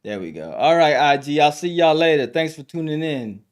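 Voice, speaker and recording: A man's voice: fairly high pitch, lively intonation, normal speed, smooth. Give me a slangy guy chatting on a live stream. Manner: loose storytelling, lots of slang and fillers. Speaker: live stream podcast host. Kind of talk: casual live stream chat.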